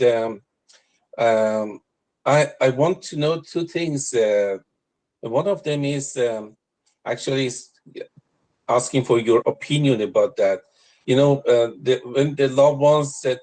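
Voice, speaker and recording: Slow, halting man with many pauses. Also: medium pitch, darkish tone, low-quality recording. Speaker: caller asking for a reading. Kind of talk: hesitant conversation.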